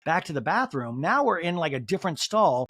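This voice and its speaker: A man hosting a podcast who recaps a reality show in a joking, animated way and acts out the quotes. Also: a little high, brisk, dry recording, clean studio sound. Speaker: podcast host. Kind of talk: comedic TV recap.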